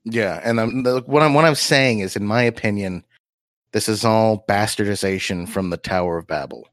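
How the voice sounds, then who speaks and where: A man's voice: fairly low pitch, normal speed, dry recording. A man co-hosting a casual podcast chat, rambling and stacking "like" fillers, turning preachy at times. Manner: rambling, heavy use of "like" fillers. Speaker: podcast co-host.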